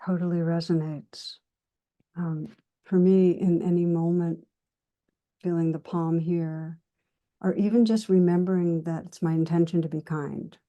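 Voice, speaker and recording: A woman host leads the conversation in a gentle, measured voice. Her pitch is lowish and her tone is soft and mellow. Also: fairly even intonation, muffled recording. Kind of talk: interview conversation.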